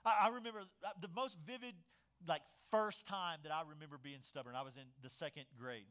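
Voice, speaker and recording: A man delivers a sermon as a pastor, his voice bright and slightly high for a man. He tells stories with animated swings, pushing up loud for emphasis and dropping low and quiet for asides. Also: a little fast.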